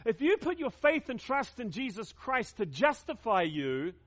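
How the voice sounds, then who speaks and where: A man's voice: very high voice, big pitch swings, unhurried, fairly bright tone. A man preaching a sermon to his congregation, emphatic, repeating key words and leading them in call-and-response. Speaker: pastor.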